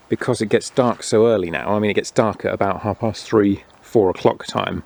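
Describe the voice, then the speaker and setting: A man's voice: lowish voice, vocal fry, darkish tone. Chatty man outdoors. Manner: chatty, rambling storyteller. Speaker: outdoor vlogger. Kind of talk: casual chat. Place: woods outdoors at a winter camp.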